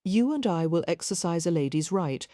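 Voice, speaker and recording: A woman's voice: lowish voice, expressive, normal speed, warm tone, no echo, clean studio sound, close to an everyday voice. A woman reading an audiobook, voicing a bubbly young lady who gushes playfully. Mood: giddy. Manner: gushing, playful.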